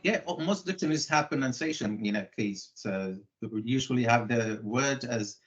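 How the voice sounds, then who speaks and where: Man in mid range, calm expert lecturing, muffled call audio. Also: medium pitch, moderate pace. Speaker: English language expert. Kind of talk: discussion in an online exchange.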